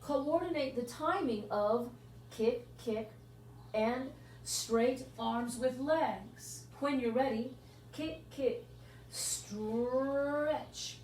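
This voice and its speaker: Slow-cueing woman pilates instructor in an echoey room. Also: on the high side, a little mellow. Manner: counts out moves with rhythmic cues. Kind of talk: guided workout instruction. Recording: echoey room, mic at a distance, faint hum.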